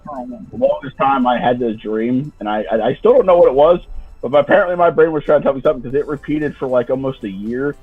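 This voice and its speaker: A man telling a story in a halting, casual way, repeating words as he goes. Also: medium pitch, animated, breathy edge, dry recording, phone-quality sound, faint music behind.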